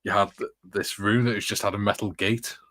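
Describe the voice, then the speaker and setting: Guy on a stream, deep voice, chuckles through his stories, dry close sound. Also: flat delivery, fairly quick, pushed and bright, no echo. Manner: rambling anecdotes with frequent chuckles. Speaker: streamer reading chat. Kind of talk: casual live-stream chat. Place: indoor room with curtains closed.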